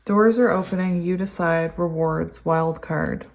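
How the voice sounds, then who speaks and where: A woman doing a pick-a-card tarot reading. She gushes with excitement and laughs often, then reads card messages aloud in a steady cadence. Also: on the low side, a little slow, creaky. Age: adult, long sober. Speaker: tarot reader.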